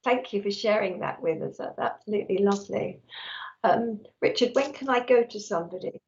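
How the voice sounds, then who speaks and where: A woman's voice: medium pitch, fairly quick, darkish tone, highs cut off. A woman working as a psychic medium, giving a live-streamed reading and talking nonstop in an effusive, chatty way.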